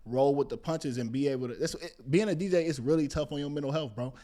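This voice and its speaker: A man's voice: on the high side, fast, dark tone. A man, a DJ co-hosting a casual podcast, talking candidly and emphatically in slang. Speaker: DJ and podcast co-host.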